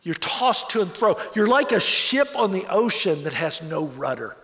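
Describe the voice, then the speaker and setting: Earnest high-voiced male pastor preaching. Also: sing-song, normal speed, pushed and bright, in a large hall. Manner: earnest, repeats words when pressing a point. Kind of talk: sermon.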